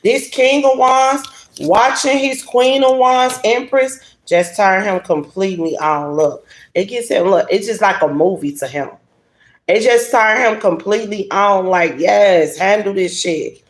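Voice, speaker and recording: A woman giving a casual tarot reading to her viewers, blunt and animated, cursing and laughing freely. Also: medium pitch, measured pace. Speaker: tarot reader. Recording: roomy echo, faint hiss.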